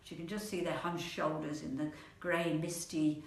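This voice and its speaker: A woman storyteller telling a folk tale aloud in a playful, animated manner, repeating words for rhythm. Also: sits low, moderate pace, vocal fry. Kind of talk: oral storytelling. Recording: echoey room, mic at a distance.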